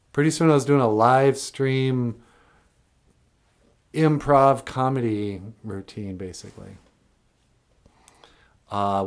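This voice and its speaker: A man, a cartoonist and puppeteer, telling a comic story in a folksy, digressive way. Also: on the low side.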